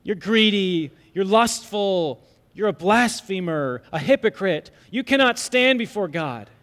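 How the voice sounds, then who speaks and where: Man quoting a sneering devil, male accuser, fairly high voice, long hall reverb. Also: animated, a little slow, fairly bright tone. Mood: accusing. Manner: accusing, listing sins one by one.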